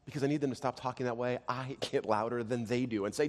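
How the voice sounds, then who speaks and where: Guy in his 30s preaching, storytelling sermon, goes quiet then loud, big echoey church hall. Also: mid-range voice, quick pace. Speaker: pastor. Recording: long hall reverb.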